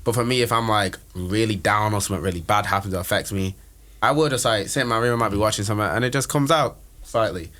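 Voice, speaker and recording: A man's voice: lowish voice, fast talker, a bit bright. A young man, a student guest on a podcast, chatting openly with many "like" fillers. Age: young adult. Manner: open, talkative, many "like" fillers. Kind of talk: casual chat.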